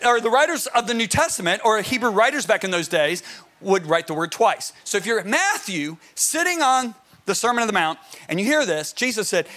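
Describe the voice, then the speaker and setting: Animated bright-voiced male preacher. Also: high voice, fairly quick. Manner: animated preacher, emphatic, asks the crowd questions. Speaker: pastor. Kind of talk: sermon.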